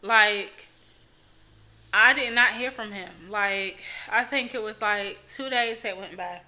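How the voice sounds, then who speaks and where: A woman's voice: medium pitch, slow pace, bright, forceful tone. A young woman hosting her own podcast, talking frankly and bluntly in casual chat, swearing freely and leaning on fillers. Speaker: podcast host. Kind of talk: casual solo podcast talk.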